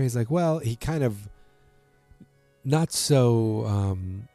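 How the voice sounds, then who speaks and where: A man with a low, mellow voice chats casually through a TV episode recap. He rambles, restarts often and fills pauses with ums, slipping into the characters' lines as he retells scenes. The sound is close and dry, with faint music. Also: lively intonation, no echo. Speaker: podcast host recapping a TV episode.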